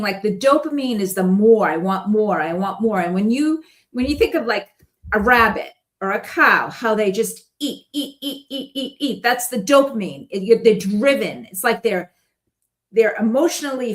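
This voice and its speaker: A woman guest telling stories in a casual chat, rambling and animated and laughing often. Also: a little high.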